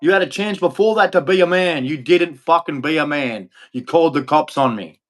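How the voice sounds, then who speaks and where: A man's voice: a little high, fairly quick. An Australian man livestreaming an angry, profane rant, repeating insults over and over. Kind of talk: angry ranting monologue.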